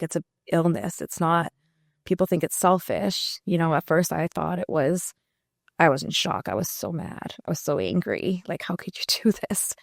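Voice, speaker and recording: Woman guest, low gravelly voice, reflective and candid, dry close sound. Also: dry recording. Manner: candid, reflective, many fillers. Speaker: musician guest. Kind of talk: casual interview talk.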